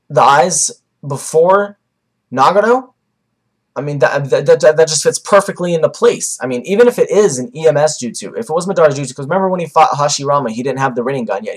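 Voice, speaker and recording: A man's voice: on the high side, slightly rough. Rambling young man reviewing a comic. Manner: rambling, with many fillers and restarts. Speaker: manga reviewer. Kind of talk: casual video commentary.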